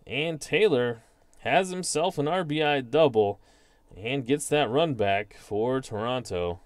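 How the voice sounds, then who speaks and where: Unhurried man calling dice-game baseball. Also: medium pitch, lively intonation, no room sound. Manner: reads dice results aloud, then calls them like a broadcaster; self-deprecating asides. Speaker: host. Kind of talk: solo play-by-play of a tabletop baseball simulation.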